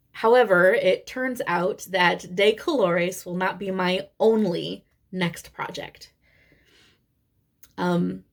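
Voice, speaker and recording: A woman's voice: medium pitch, creaky. A woman in her thirties with a Midwestern American accent, chatting candidly and casually as a cross-stitch vlogger. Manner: chatty, candid, sprinkles in swearing and laughter. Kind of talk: casual chat.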